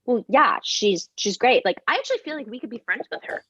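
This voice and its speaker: A woman reads a weary, measured wife. Her voice is a little high and lively, and the recording is dry and somewhat muffled. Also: husky, no room sound. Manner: measured, apologetic. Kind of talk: live script reading. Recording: dry, dull lo-fi sound.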